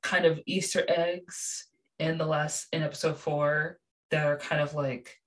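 A young woman chatting casually about a TV show, animated and gushing, with many fillers. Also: low-pitched, unhurried. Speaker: show reviewer. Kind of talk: casual chat.

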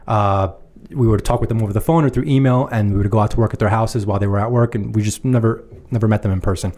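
A man co-hosting a casual chat, telling a story in an animated way and laughing often. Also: on the low side, fast talker. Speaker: podcast co-host.

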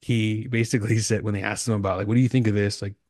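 A man's voice: fairly low pitch, flat delivery, fast talker, a little mellow, dry recording, clean studio sound. A man co-hosting a podcast, telling long rambling stories in casual slang full of swearing. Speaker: podcast host. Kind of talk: casual chat.

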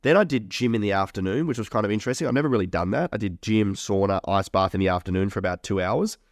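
A man's voice: fairly low pitch, expressive, fast, no echo, clean studio sound. A young man co-hosting a podcast, chatting casually, swearing and laughing often. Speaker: podcast co-host.

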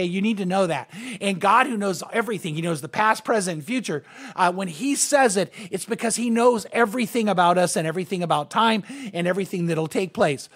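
Guy pastor preaching, kinda high voice, earnest, lots of uh and restarts. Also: fairly bright tone, breathy edge. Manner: earnest, emphatic, with many restarts and fillers. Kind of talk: sermon.

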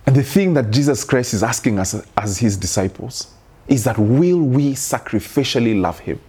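Male pastor, husky mid-pitched voice, earnest sermon delivery with repeated questions. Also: animated, moderate pace, warm tone.

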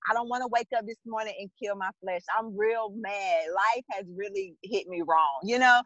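A woman's voice: mid-range voice, normal speed, a bit bright, dry recording. Frank woman guest, slightly dull sound. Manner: frank, emphatic, acts out her own thoughts. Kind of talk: candid personal conversation.

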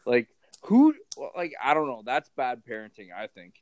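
A man's voice: medium pitch, very animated, normal speed, no echo. A man in casual chat, telling a short story in a loose, conversational way.

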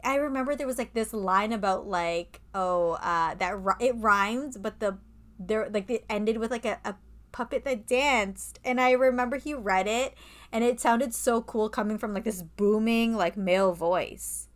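A woman co-hosting a relaxed podcast, chatting loosely and peppering her talk with "like" and casual swearing. Her pitch sits in an ordinary middle range for a woman. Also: a little slow. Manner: chatty, swears, lots of "like" fillers. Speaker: podcast co-host. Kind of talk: casual chat.

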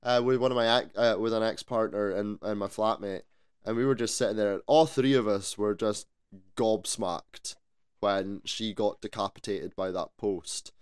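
A man co-hosting a podcast in casual chat, animated, swearing freely and asking rhetorical questions. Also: fairly low pitch, normal speed, smooth. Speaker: podcast co-host.

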